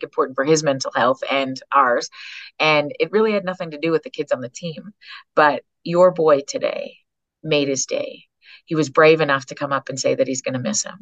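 Podcast guest: woman from Canada, very low voice, lively storyteller who acts out quotes. Dry, slightly dull sound. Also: no echo. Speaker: psychologist and author, podcast guest. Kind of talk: storytelling in a conversation.

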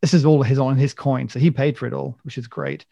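Gravelly man, rambling host. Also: mid-range voice, steady tone, a little fast, mellow, no echo, highs cut off. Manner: rambling, enthusiastic, jokey storyteller. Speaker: podcast host. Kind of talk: casual chat.

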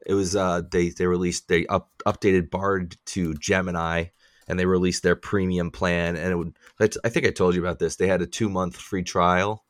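A man with a low-pitched voice holding forth in casual podcast chat. He swears freely and rants with animated frustration. The sound is dry and close, with no room around it. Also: moderate pace, no echo. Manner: profane, ranting, animated complaints. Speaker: podcast co-host.

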